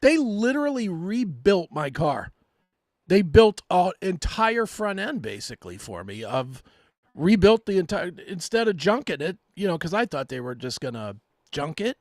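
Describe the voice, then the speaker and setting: A male co-host telling a profane, self-mocking story in animated casual chat. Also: sits high, moderate pace, no echo, studio quality.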